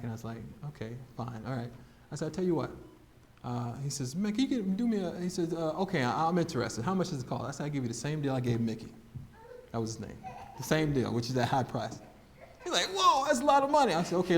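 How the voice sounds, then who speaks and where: A man giving an animated storytelling testimony as guest speaker, acting out the voices in his story and laughing often. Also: a little high, slight background noise.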